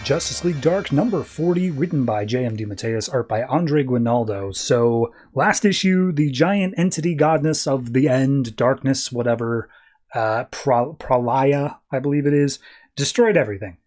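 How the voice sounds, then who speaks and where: A man's voice: medium pitch, moderate pace, darkish tone. A man hosting a podcast, chatting casually and animatedly as he recaps and reviews comics. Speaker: podcast host.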